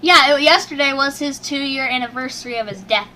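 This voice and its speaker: A woman's voice: sits high, brisk, bright, forceful tone, slight background noise. A woman co-hosting a casual chat, talking in a hyper, giggly way. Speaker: co-host.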